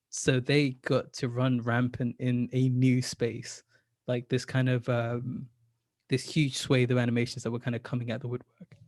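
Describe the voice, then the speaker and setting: A man's voice: medium pitch, darkish tone, no echo, studio quality. A man in casual podcast chat who talks enthusiastically about animation, with many "like" fillers.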